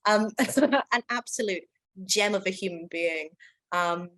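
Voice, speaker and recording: A woman hosting an online whisky tasting in a relaxed, chatty way. She gushes with enthusiasm, tripping over fillers and restarts. Her voice sits a little low for a woman. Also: fairly quick, low-quality recording. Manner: enthusiastic, gushing, many fillers. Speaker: whisky brand ambassador. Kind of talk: casual online tasting chat.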